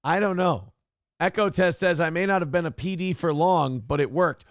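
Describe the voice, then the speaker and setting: A man's voice: a little high, moderate pace, no echo, studio quality. A man hosting a live-stream talk show, ranting in a profane, exasperated, rambling way.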